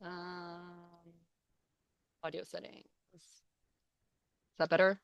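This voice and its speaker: A woman's voice: sits low, normal speed. A young adult woman giving a chatty, playful online talk to interpreters, reading out and answering comments from the chat. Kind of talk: live webinar presentation with audience chat. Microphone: computer mic on a video call.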